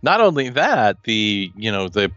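A man's voice: fairly low pitch, very animated, measured pace, fairly bright tone, dry recording, highs cut off, faint music behind. A man co-hosting a podcast, chatting casually about comics with wry jokes. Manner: wry, jokey asides. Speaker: podcast co-host.

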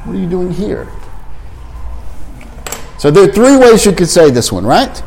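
A man teaching English to a class of learners, repeating phrases slowly and switching into Japanese to explain. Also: high-pitched, big pitch swings, darkish tone, a little hiss or hum.

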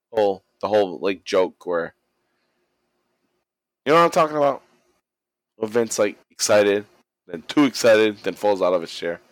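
Man, casual recap, profane, animated, dry close sound. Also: fairly low pitch, no echo. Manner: animated, swears constantly, acts out quotes. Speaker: wrestling recap host.

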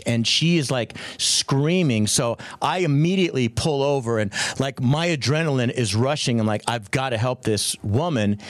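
A middle-aged man co-hosting a radio show, telling a story in an excitable way and acting out quotes in a raised voice. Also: mid-range voice, no room sound. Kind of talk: animated storytelling chat.

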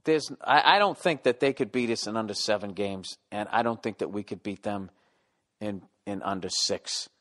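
A man's voice: on the low side, normal speed, a bit bright. A middle-aged man ranting casually and profanely as a podcast host, sounding exasperated.

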